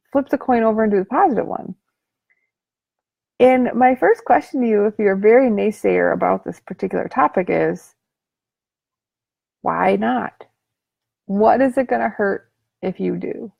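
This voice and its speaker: A woman's voice: fairly high pitch, gravelly, warm tone, no echo. A woman giving a motivational talk to the camera, casual, joking and slangy as she coaches her viewers on self-talk. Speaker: life coach.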